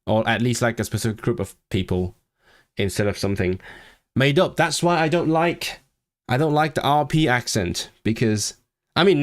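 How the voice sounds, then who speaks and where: A man's voice: fairly low pitch, no echo, studio quality. A man chatting casually on a livestream, rambling and restarting his sentences with repeated words. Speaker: language-learning streamer.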